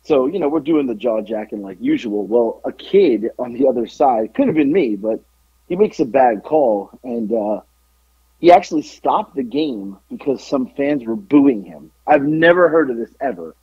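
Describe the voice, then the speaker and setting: Hoarse, animated man telling stories. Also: mid-range voice, normal speed, dry recording, dull audio. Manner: animated storytelling, yelling out quotes. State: slightly hoarse. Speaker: podcast co-host. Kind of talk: casual chat.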